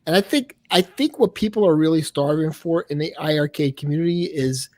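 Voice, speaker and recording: Halting man with a dry sound. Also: a little high, dry recording. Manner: halting, many restarts. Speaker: panel guest. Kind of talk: casual panel chat.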